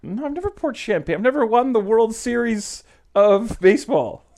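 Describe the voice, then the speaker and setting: A man's voice: very high-pitched, expressive, moderate pace, darkish tone. Dry, sarcastic man co-host. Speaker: podcast co-host. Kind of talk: casual chat.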